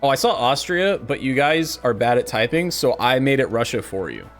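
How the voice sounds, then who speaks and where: A man's voice: medium pitch, moderate pace, soft background music. A man in his twenties from Missouri, chatting casually and sarcastically with his stream viewers. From Missouri, USA. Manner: animated, joking and sarcastic.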